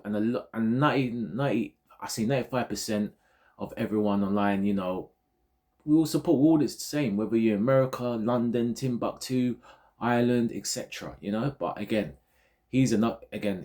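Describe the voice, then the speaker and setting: Man from Ghana, football vlogger, lowish voice, casual digressive rant. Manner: animated, digressive, repeats himself. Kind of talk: casual ranting commentary.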